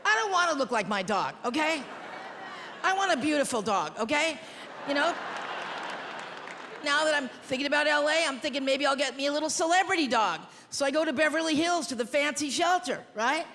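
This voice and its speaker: A woman performs stand-up with a brash, punchy, self-mocking delivery in a high voice. She is on a big stage, her voice ringing through a long reverberant hall. A noisy live crowd roars behind her. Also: animated, a little fast, a bit bright. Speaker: stand-up comedian. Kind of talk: stand-up comedy routine. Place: large theater stage. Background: laughing, cheering audience.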